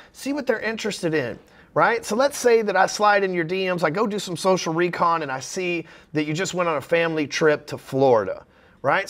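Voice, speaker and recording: Male sales coach, middle-aged, high-pitched voice, blunt and profane, mimics sample pitches in quick voices. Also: fairly bright tone. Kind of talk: profane motivational sales talk.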